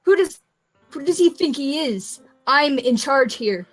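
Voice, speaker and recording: Woman reading as a short-tempered young leader, fan fiction reading, highish voice, clipped and demanding. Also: lively intonation, moderate pace, faint music behind. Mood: angry.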